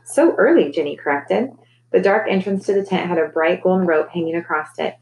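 A woman, a teacher, reading a children's novel aloud in a gentle, clear storytelling manner. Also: fairly low pitch, steady tone, a little fast, a little hiss or hum, poor audio.

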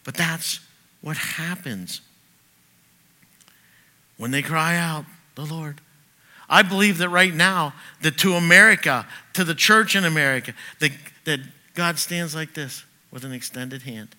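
A middle-aged man, a pastor, delivering a sermon and telling personal stories, swinging from loud bursts to quiet asides. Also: on the high side, unhurried.

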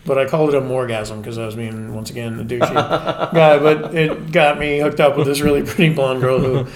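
A man's voice: medium pitch, fairly even intonation, a little fast, crowd noise. A man in his forties, a podcast guest telling casual stories in a chatty, self-mocking way. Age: 40s. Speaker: podcast guest, spirits brand manager. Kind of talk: casual storytelling chat.

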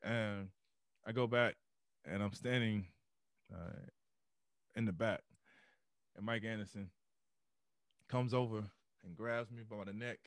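A former football running back telling stories in a casual interview. He is animated and often restarts with repeated words. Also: on the low side, takes it slowly, long pauses, dry recording, clean studio sound. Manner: animated, many repeated false starts. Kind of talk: casual storytelling.

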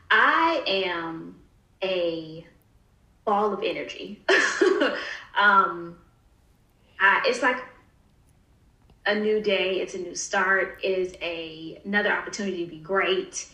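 A woman guest on a podcast, talking in an animated, emphatic way with frequent laughs. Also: mid-range voice, roomy sound, poor audio. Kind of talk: casual podcast interview.

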